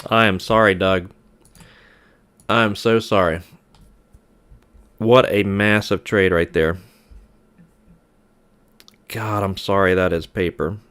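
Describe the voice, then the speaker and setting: A man runs a live trading stream and talks to his chat in an aggravated, repetitive way. His voice sits low and stays smooth and resonant as he vents. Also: steady tone, slow pace, long pauses, fairly bright tone. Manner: frustrated, repeats himself, sighs.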